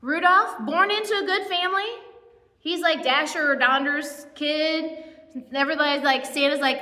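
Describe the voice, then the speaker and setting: A woman's voice: high voice, normal speed, sharp tone. A woman pastor giving a casual, conversational sermon, chatty and self-deprecating with many asides. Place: church. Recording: echoey church hall with long reverb.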